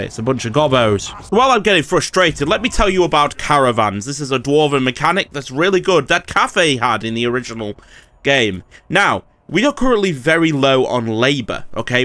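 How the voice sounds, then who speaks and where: Here the man's voice is medium in pitch, expressive, a bit bright and slightly fast. A gaming YouTuber, he curses casually while playing a strategy game and vents at the enemy AI lords.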